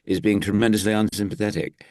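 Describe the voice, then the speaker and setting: A man's voice: lowish voice, little pitch movement, fast, a little mellow, no room sound, clean studio sound. A man, an actor and impressionist, chatting as an interview guest in a rambling, easygoing way with easy laughs. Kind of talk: casual interview chat.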